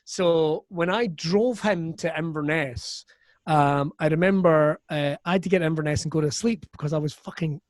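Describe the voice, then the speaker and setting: A Scottish man, a comedian guest, telling stories in a profane, animated way on a podcast. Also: on the high side, moderate pace, no room sound. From Scotland. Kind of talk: casual storytelling chat.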